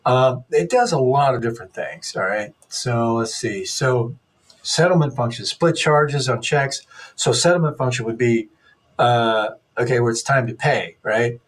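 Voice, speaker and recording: A man's voice: medium pitch, measured pace. A middle-aged man giving an unscripted lecture as an instructor, rambling and correcting himself as he goes, with dry sarcastic asides.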